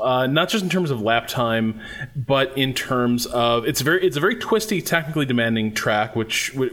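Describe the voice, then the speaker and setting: A man's voice: mid-range voice, a bit bright. A man talking as a guest in a casual podcast chat, enthusiastic, often restarting his sentences and saying "like".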